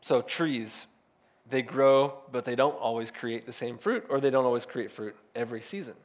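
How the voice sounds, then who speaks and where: A man in his thirties preaching a sermon as a pastor, in a relaxed, conversational way that is full of "like" fillers. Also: mid-range voice, moderate pace. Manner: casual, filler-heavy with frequent "like".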